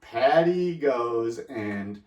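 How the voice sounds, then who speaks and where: A man's voice: mid-range voice, lively intonation, a little mellow, distant mic, slight background noise. A man co-hosting a podcast, chatting casually and easygoing, often agreeing and telling funny family stories. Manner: easygoing, lots of quick agreeing. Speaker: podcast co-host. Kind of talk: casual chat. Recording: roomy, off-mic sound.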